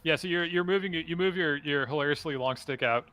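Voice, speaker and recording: A man serves as dungeon master for a tabletop game over a video call. His voice is fairly high, pushed and bright, and he rambles and halts, often restarting his sentences.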